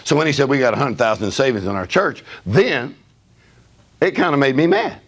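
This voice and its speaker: An older man preaching a storytelling sermon in a church service, animated and laughing, with a punchy preaching manner. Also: mid-range voice, a little fast, vocal fry, husky. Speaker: guest preacher. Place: church service with responding congregation. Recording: live church hall with congregation audible.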